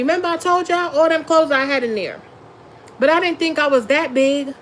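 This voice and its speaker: A woman's voice: sits high, moderate pace, slight background noise, rough recording. A woman tarot reader chatting casually on a live stream, laughing often and talking in a blunt, slangy way. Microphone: phone or webcam on a live stream.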